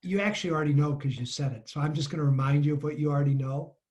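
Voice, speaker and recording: A woman coach hosting a webinar on a video call, calm and validating, with a gently playful touch. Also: deep voice, rapid-fire.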